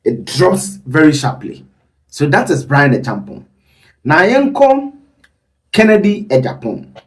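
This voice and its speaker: A man commenting on poll data in a rambling, animated way, with asides. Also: on the high side, a little slow, far from the mic.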